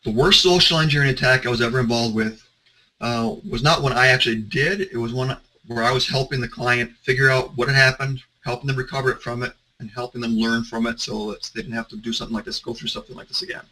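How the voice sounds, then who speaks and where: Male consultant with a bright, sharp voice, talking through examples in a conversational style. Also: mid-range voice, steady tone, fast talker, low-quality recording. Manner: conversational storytelling, some restarts. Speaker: security consultant. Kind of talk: presentation talk.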